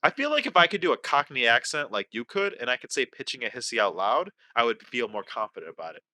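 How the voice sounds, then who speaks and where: Animated man with a bright voice. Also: mid-range voice, fast, no room sound. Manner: animated, playfully exaggerated rants. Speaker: podcast co-host. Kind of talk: casual podcast chat.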